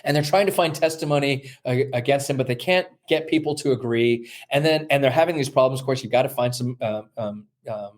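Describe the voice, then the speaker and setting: A man who teaches the New Testament appears as an interview guest to talk through his research. His mid-range voice is thoughtful and halting, full of fillers and restarts, and he sometimes acts out the voices he quotes.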